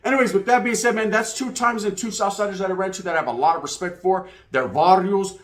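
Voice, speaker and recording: A fast-talking guest storyteller from California, this man has a high voice and tells casual, slang-filled stories while acting out other people's lines. The recording has a roomy echo.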